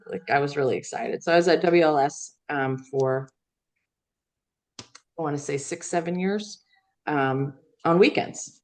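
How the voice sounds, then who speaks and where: A woman's voice: low-pitched, a little slow, pauses often, a little mellow. A middle-aged woman from Iowa, a news executive, telling her career story in a rambling, casual way with fillers and laughs. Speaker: guest, veteran news executive. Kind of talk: casual interview chat.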